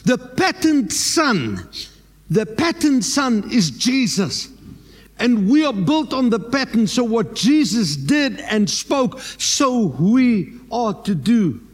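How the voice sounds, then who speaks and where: High-voiced South African preacher, slow. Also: male voice, big pitch swings, slightly rough, long reverb tail. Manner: emphatic preaching, slips in Afrikaans words. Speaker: pastor. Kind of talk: sermon.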